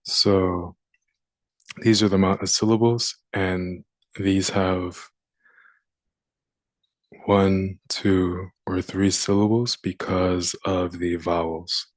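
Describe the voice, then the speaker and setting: Slow, low-voiced man teaching phonics. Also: level tone, no room sound. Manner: slow and deliberate, sounding out words. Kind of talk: phonics lesson.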